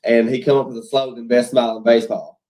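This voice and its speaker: A man's voice: mid-range voice, flat delivery, fast, mellow, poor audio. A young man, a pro ballplayer and student, answering interview questions in an easygoing way with many ums. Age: young adult. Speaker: guest, pro baseball player. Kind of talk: casual interview.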